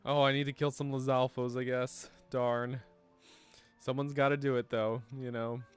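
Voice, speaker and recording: A man's voice: mid-range voice, little pitch movement, normal speed, soft background music. A man from Canada chatting casually while streaming a video game, laughing often and answering chat.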